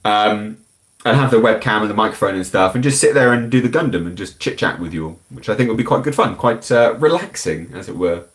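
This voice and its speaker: A man's voice: on the low side, expressive, a little fast. A British man hosting a live stream, chatting casually and bluntly as he answers viewer comments in a rambling, frank way. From United Kingdom.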